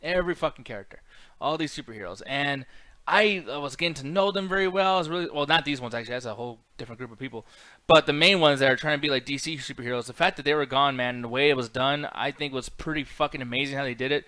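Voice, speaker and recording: A man co-hosting a casual show, talking excitedly and swearing freely as he acts out what characters said. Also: medium pitch, quick pace, dry recording. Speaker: podcast co-host. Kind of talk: casual chat.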